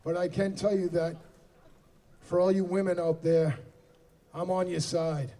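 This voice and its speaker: A man in his forties from the Boston area, speaking with a Boston accent, jokes self-deprecatingly between songs as a singer-songwriter at an outdoor amphitheater concert. He has a high-pitched, warm voice with a flat, unhurried delivery. It's captured as distant PA sound with music and slight background noise.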